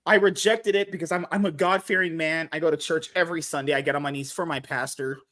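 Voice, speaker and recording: A man's voice: on the high side, steady tone, fast talker, sharp tone. A man hosting a podcast stream, joking crudely and laughing a lot with friends. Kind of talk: crude casual banter.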